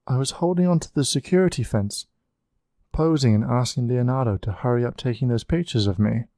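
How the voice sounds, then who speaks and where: A man voicing a confused young woman who speaks softly and haltingly. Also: mid-range voice, no room sound, studio quality, natural voice. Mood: bewildered. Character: young woman, bewildered gymnast.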